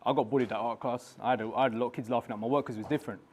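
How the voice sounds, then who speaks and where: Fast-talking man, slangy and animated. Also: mid-range voice. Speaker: artist guest. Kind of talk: casual interview chat. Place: live studio.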